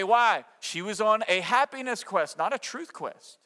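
A man's voice: high-pitched, expressive, measured pace, pushed and bright. A man preaching a sermon as pastor, conversational and emphatic, with rhetorical questions and quotes he acts out.

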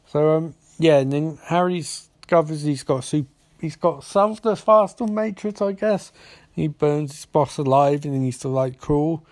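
A man's voice: on the high side, moderate pace, darkish tone, no room sound. A man giving a casual, rambling recap of a TV episode, sarcastic and profane. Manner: sarcastic, profane, full of restarts and fillers.

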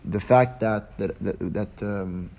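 A man teaching a religious text in a Talmudic lecture. He explains it in a sing-song study cadence, with quick restarts, and his voice jumps up at key points. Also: fairly low pitch, dark tone. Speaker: Torah teacher.

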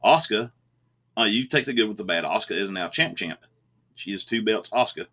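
A man talks wrestling in an easygoing podcast chat, his voice very low yet bright and forceful. He rambles and restarts his sentences, opinionated throughout. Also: animated, brisk. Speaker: podcast co-host.

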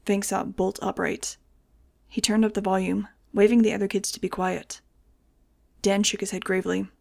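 A woman narrating a novel as a fan audiobook, in an even storytelling manner. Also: medium pitch, normal speed, creaky. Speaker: audiobook reader.

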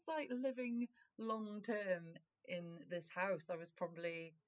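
A woman in her twenties from Wales talks in a relaxed, chatty way, laughing often and swearing now and then. Her voice sits a bit low and sounds close and dry, with no room around it. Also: a little slow, hardly any pauses, dry recording. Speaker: podcast co-host. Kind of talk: casual podcast chat.

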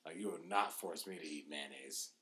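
A man co-hosting a casual podcast chat, talking with animated, exaggerated disgust and drawn-out groans. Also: rumbling low, slight background noise. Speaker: podcast co-host.

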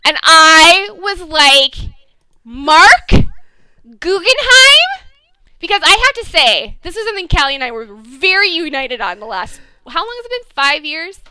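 A woman co-hosting a casual chat, gushing and animated, swearing for emphasis. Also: very high voice, brisk, few pauses, a little hiss or hum. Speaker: podcast co-host. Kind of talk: casual chat, fan recap.

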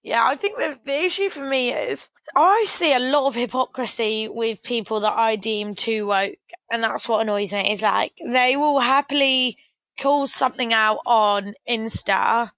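A woman's voice: fairly high pitch, a little slow, a bit bright, dry recording. Chatty British woman, dull dry sound. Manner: chatty, hedging with lots of likes. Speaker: podcast host. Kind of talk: casual chat.

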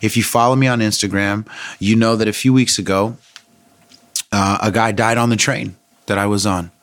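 Middle-aged man, lowish voice, candid vlogger storytelling, dry close sound. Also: fairly even intonation, normal speed, a bit bright, no echo. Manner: candid, conversational, thoughtful, with frequent fillers. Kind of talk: reflective personal storytelling.

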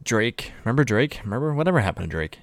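A man's voice: medium pitch, big pitch swings, fast talker, no echo. A man hosting a podcast, chatting casually in an upbeat, laughing, self-deprecating way. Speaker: podcast host. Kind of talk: casual chat.

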